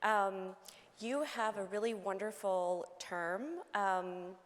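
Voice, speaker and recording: A woman's voice: mid-range voice, steady tone, takes it slowly. A woman moderating a conference panel, asking questions in a chatty manner with fillers. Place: conference hall. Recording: hall reverb from a conference stage.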